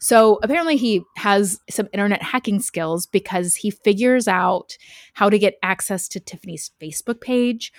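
A woman's voice: mid-range voice, normal speed, no echo, clean studio sound. A woman hosting a podcast, casually telling a true crime story with frequent fillers and laughs. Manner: chatty, laughs often, lots of "like" fillers.

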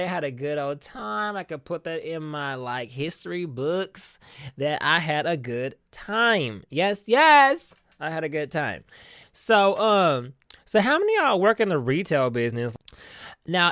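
Young woman vlogger venting to camera, fed up and foul-mouthed, pitch jumping all over, dry close sound. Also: dry recording. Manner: exasperated, profane, swings between loud and quiet; rhetorical questions to the audience. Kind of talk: casual comedic rant to camera.

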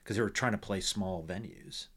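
Low-voiced podcast host, relaxed. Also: male voice, moderate pace, slightly rough. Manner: relaxed, adds short affirmations. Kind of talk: casual conversation.

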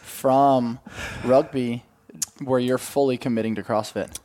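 A man's voice: medium pitch, steady tone, measured pace, warm tone. A man hosting a casual interview, enthusiastic and chatty. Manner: enthusiastic, says dude a lot. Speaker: podcast host.

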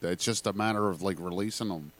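A man casually chatting about movies, relaxed and rambling with lots of fillers. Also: sits low, fast. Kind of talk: casual chat ranking movies.

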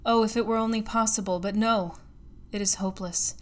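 A woman's voice: medium pitch, steady tone, brisk, close to an everyday voice. A woman reading an audiobook, voicing an anxious young husband who speaks eagerly and urgently.

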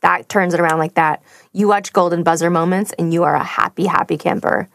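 A woman's voice: on the low side, steady tone, fairly quick, vocal fry, no echo, studio quality. A woman voice actor chatting as a guest, telling stories and gushing about fans with frequent laughter. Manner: gushing, storytelling, laughs often. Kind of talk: casual chat.

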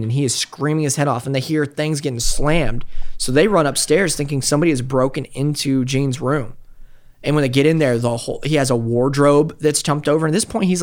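A man hosting a podcast, telling a story in casual, profane, animated chat. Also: fairly high pitch.

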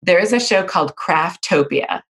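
A woman co-hosting a podcast, chatting casually in an animated, storytelling way with playful asides. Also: on the low side, moderate pace, breathy edge. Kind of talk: casual chat.

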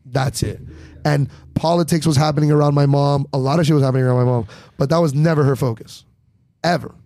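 This podcast guest, a comedian, has a somewhat high voice and talks fast while casually telling stories. He brings them to life by performing other people's voices, and there's no echo.

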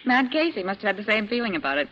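An actress playing a quick, tart-tongued young woman in a 1940s radio drama. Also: mid-range voice, big pitch swings, a bit bright. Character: sharp-tongued young woman, the uncle's niece. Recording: dull old radio with faint hiss.

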